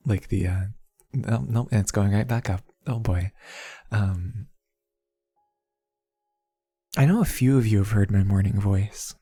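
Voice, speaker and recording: A soft-spoken young man chatting casually on an ASMR stream, playful and rambling, laughing often. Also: fairly low pitch, slightly rough, no echo. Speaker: VTuber streamer.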